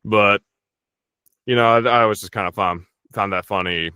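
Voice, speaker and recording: A man's voice: on the low side, normal speed, pushed and bright, clear, resonant tone, no room sound. A young man, a voice actor, chatting casually and jokingly in an interview, swearing freely. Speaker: voice actor guest.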